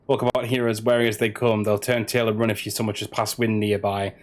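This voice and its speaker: A man reading a rough grumbling merchant. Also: fairly low pitch, little pitch movement, fast talker, natural voice. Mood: gruff.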